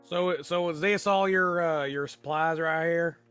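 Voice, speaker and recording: A man's voice: fairly high pitch, fairly even intonation, a little slow, a bit bright, clear, resonant tone, soft background music. A man playing a tabletop game, speaking in character with folksy cowboy talk. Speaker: player.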